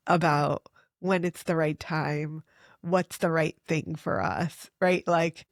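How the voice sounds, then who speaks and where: A middle-aged woman, a fertility doctor, telling patient stories in an earnest, animated way with many "like"s. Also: low-pitched, no echo, clean studio sound. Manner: earnest, animated storytelling with frequent "like". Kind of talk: conversational interview.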